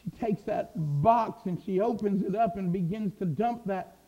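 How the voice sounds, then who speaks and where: A male preacher telling a Bible story, repeating words as he builds to fervent shouting. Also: high voice, unhurried, dull audio. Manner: stammering repetitions, swelling into fervent shouts. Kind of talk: sermon.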